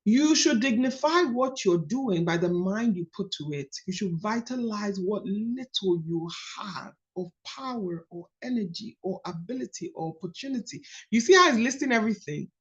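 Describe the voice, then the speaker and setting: Animated Nigerian woman coaching. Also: medium pitch, normal speed, few pauses, highs cut off. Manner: animated, storytelling, emphatic. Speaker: coach leading a book study call. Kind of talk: casual teaching talk.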